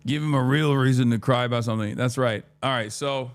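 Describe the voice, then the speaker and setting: Male streamer, thirties, mid-pitched, rambling profane storytime chat with acted-out quotes. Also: fairly quick. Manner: rambling, profane, animated retelling with quoted dialogue.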